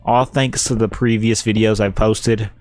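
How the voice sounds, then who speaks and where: A man's voice: lowish voice, fairly even intonation, a little slow, darkish tone, faint music behind. A man with a Kentucky Southern accent giving rambling, laid-back commentary while he plays a building game on stream. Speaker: let's-play streamer. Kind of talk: casual gameplay commentary.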